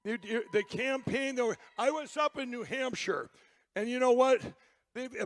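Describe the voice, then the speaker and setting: A man hosting a live event, talking to the crowd in a rambling, excitable and pointed way. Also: extremely high pitch. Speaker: event host. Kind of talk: live presentation to an audience.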